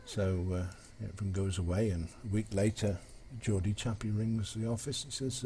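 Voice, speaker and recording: A man's voice: fairly low pitch, steady tone, normal speed, hardly any pauses, warm tone, husky. A man chatting casually on a live game stream, telling jokes in a rambling, hesitant way with many fillers.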